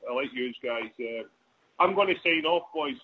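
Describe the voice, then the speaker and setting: A man's voice: mid-range voice, animated, moderate pace, husky. A man calling in to a radio show, rambling and hesitant with many ums. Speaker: caller. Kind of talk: casual phone-in chat. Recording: tinny phone line with faint noise.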